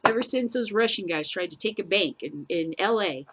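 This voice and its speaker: Woman host, mid-pitched, profane ranting commentary, loud then muttering. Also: expressive, moderate pace, background noise. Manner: blunt, profane, swings between shouting and low muttering. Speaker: podcast host.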